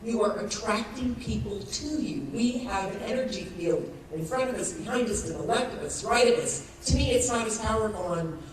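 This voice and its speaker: A woman's voice: on the high side, moderate pace, hardly any pauses. Woman in her sixties telling stories on stage. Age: 60s. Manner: animated storytelling, acts out quoted voices, laughs often. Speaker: network marketing speaker. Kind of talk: motivational talk on stage. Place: large event hall with audience. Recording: echoey hall, distant mic, crowd noise.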